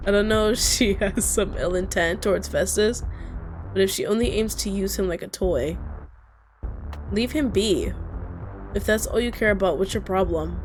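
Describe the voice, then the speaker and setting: A woman playing a dating sim, reading the lines aloud and adding snarky asides. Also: medium pitch. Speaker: gaming video host.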